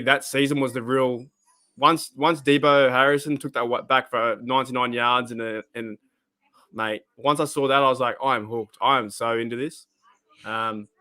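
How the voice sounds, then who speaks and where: A man with an Australian accent hosting a live-stream reaction, chatting casually in a rambling, animated way and swearing freely. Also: mid-range voice. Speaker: host.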